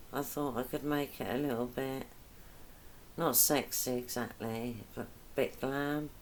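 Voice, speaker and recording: Woman rambling slowly thru a cooking vlog, chatty and self-deprecating, bit of hiss behind. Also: a bass voice, fairly even intonation. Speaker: cooking vlogger. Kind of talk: rambling casual chat while cooking.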